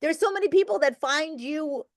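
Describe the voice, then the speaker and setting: A woman's voice: sits high, normal speed, dry recording. A middle-aged woman talking as a podcast guest, an emphatic and talkative storyteller in casual conversation. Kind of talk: conversational interview.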